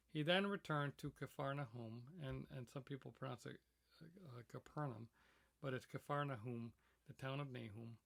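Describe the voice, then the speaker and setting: Gravelly man reading and teaching scripture. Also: mid-range voice, a bit bright. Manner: reads passages aloud, then comments with fillers and restarts. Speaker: teacher reading a weekly message.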